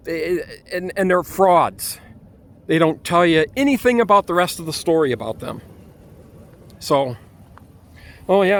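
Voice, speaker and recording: A man ranting outdoors in a vlog with an angry, exasperated manner and frequent restarts, with a Michigan accent. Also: fairly high pitch. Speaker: vlogger.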